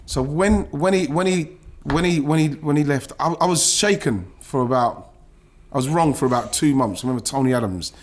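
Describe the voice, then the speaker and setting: A middle-aged man from England who used to play football recounts something deeply personal in a podcast interview. He sits on the higher side at a moderate pace with hardly any pauses, animated and swearing, fumbling restarts when moved.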